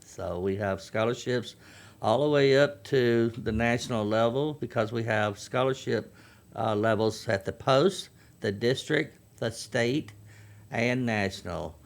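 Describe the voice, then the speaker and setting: A man's voice: medium pitch, measured pace, gravelly. A man in his fifties, a Navy veteran and chaplain, earnestly explaining youth programs in a radio interview. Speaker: veterans' group chaplain and guest.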